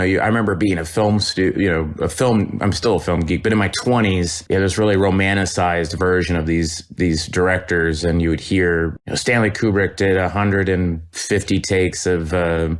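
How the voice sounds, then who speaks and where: A man, an actor, chatting in an interview, telling lively stories with quick impressions. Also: deep voice. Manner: lively storytelling with impressions and laughs. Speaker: actor guest. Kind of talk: anecdotal interview chat.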